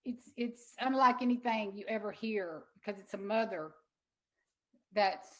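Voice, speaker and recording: A middle-aged woman, a guest in an interview, telling an emotional story in an earnest, halting way with many restarts. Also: medium pitch, rough recording. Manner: earnest, halting, repeats words when moved. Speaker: interview guest, sanctuary owner.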